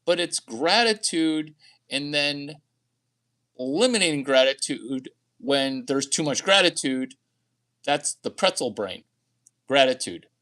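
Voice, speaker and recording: A man's voice: on the high side, expressive, slow pace, sharp tone. A man talking to camera in a rambling, crude, boastful monologue, often laughing at his own jokes. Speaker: vlogger.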